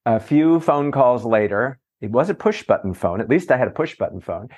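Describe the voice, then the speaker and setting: A middle-aged man, a journalist and author, telling lively, self-mocking stories in a casual interview. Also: mid-range voice, normal speed, slightly rough. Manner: animated, self-mocking anecdotes with playful voices. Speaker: entertainment journalist and author, guest.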